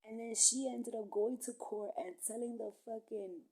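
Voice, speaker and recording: A woman in a casual, rambling monologue, talking in a profane, streetwise way that swings between low murmurs and sudden loud bursts. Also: fairly even intonation, moderate pace, low-quality recording. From small town.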